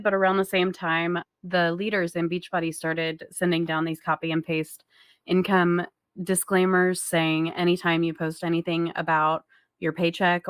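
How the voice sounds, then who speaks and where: A woman's voice: lowish voice, fairly bright tone, smooth, no echo. A woman hosting a casual commentary video, talking in a chatty, wry way with many fillers. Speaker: commentary channel host.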